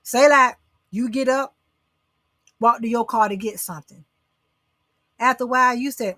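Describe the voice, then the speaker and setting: A woman's voice: on the high side, normal speed, pauses often, bright, forceful tone, no echo, clean studio sound. A middle-aged woman hosting a casual motivational talk show, coaxing and preaching to her viewers. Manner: preachy, coaxing, addresses audience as y'all.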